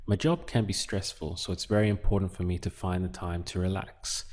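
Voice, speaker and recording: Talking through translations word by word, a man gives an easygoing Spanish lesson at a slow pace. His low voice is a little mellow and fairly even in intonation.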